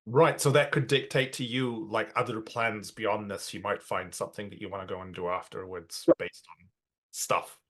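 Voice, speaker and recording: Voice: medium pitch, fairly even intonation, normal speed, a bit bright. A player in a tabletop game, asking rambling questions full of fillers. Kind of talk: casual chat.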